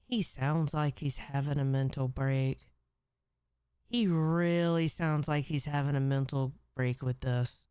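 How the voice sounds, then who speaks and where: A woman's voice: rumbling low, slow, dark tone, clear, resonant tone, no room sound, clean studio sound. A woman streamer reacting to clips in a chatty way, exclaiming and swearing freely.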